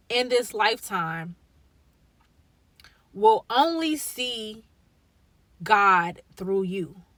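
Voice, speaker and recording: A woman's voice: a little high, pushed and bright, no echo. A young woman speaking earnestly and emotionally as a faith content creator, encouraging viewers in a casual, heartfelt vlog. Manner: earnest, encouraging, conversational with slang.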